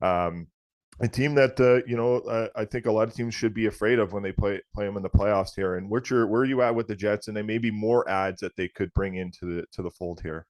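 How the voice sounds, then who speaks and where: A man with a Canadian accent hosting a hockey podcast, asking halting questions full of fillers. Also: on the low side, no room sound. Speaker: podcast host. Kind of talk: podcast interview.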